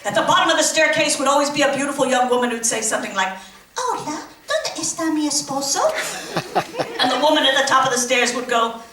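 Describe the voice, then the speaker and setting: Woman comedian, punchy rhythmic delivery, high voice, distant mic, background noise. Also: quick pace, sharp tone. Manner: punchy joke delivery with rhythmic repeated lines. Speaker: stand-up comedian. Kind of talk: stand-up comedy set. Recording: echoey room, from afar, noisy.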